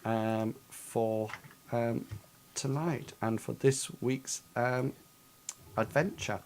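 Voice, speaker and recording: Slow, hesitant man running a game. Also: mid-range voice, steady tone, darkish tone. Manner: hesitant, filled with ums and likes. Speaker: game master. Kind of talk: narrating a tabletop game.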